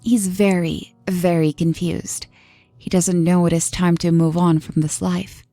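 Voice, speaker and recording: A calm, sorrowful psychic medium talks in a quiet, measured way, at times dropping to a hush. A woman voices her while telling a horror story. The voice is dark with a gravelly texture, and faint music plays under it. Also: lowish voice, dry recording. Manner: quiet, measured, sometimes hushed.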